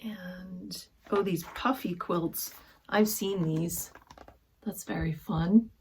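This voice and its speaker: A woman vlogger chatting through a sewing haul, gushing softly and often dropping to a whisper over fabrics and books. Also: on the low side, slow, a little hiss or hum. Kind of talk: casual haul chat.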